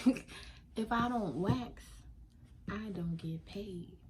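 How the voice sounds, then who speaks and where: Sassy, animated woman telling a story. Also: medium pitch, takes it slowly, a little hiss or hum. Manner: animated, sassy, laughing often, African American Vernacular English slang. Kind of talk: casual storytime.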